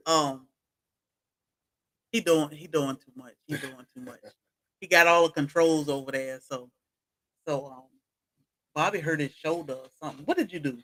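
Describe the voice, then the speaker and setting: A woman's voice: deep voice, moderate pace, pauses often, fairly bright tone, poor audio. A woman chatting casually on a homestead livestream, greeting viewers from the chat by name as she talks.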